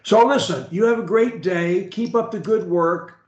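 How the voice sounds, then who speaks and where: A man's voice: sits high, normal speed, echoey room, dull audio. A male speech coach on a call, encouraging and emphatic.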